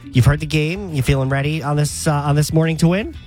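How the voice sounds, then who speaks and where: A man's voice: a little high, fast, a little mellow, soft background music. Sick-sounding male morning radio host. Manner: upbeat quizmaster. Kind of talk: radio game show hosting.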